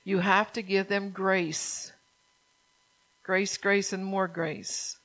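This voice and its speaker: A woman's voice: medium pitch, flat delivery, takes it slowly, a bit bright, low-quality recording. An older woman preaching in an earnest, conversational way, repeating her key phrases and mixing in personal stories. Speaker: church speaker. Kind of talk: sermon mixed with personal testimony.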